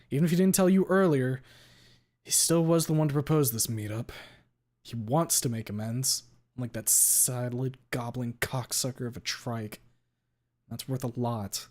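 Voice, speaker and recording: A man's voice: mid-range voice, darkish tone. A man streaming a first-person story read-aloud, who occasionally stops to reread a line he stumbled on.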